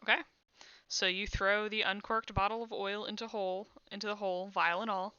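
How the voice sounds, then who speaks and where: A woman narrating as game master of a tabletop game, with quick, descriptive narration. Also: mid-range voice, little pitch movement, sharp tone, smooth, no room sound, lo-fi sound.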